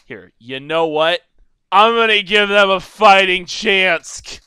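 A young man giving goofy, rambling solo commentary over a video game, now and then breaking into loud silly shouting. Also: sits high, slow pace, clean tone, dry recording, studio quality. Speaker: gameplay commentator. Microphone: desk microphone.

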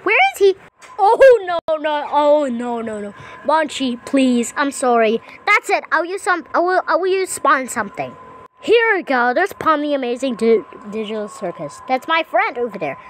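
A woman giving playful gameplay commentary, excitable and repetitive, talking to the characters on screen. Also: high voice, moderate pace, slight background noise, poor audio. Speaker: gameplay channel host.

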